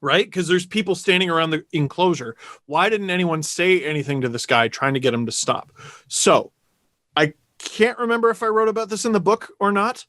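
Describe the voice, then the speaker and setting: Male podcast host from Ontario: high-pitched, sharp tone, animated storyteller who swears freely. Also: fairly quick, no room sound. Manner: animated storyteller, swears, gets loud and indignant. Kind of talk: casual podcast chat.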